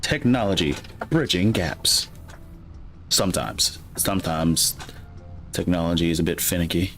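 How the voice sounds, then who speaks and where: Low-voiced midwest guy streaming a farm game, rambly, tons of "like", faint music behind. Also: unhurried, a bit bright. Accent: Midwestern American. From Michigan, US. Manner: rambling, talks to himself, many "like" fillers. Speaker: gaming streamer. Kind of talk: casual gameplay commentary.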